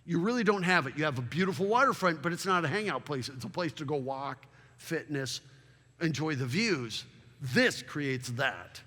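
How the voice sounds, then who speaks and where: A man giving a public slide presentation as a town consultant, animated and full of rhetorical questions. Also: fairly high pitch, moderate pace. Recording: long reverb of a large hall.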